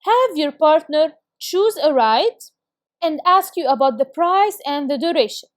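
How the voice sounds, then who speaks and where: A woman teaching a recorded English lesson with a clear, encouraging classroom delivery. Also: sits high, expressive, measured pace, dry recording, clean studio sound.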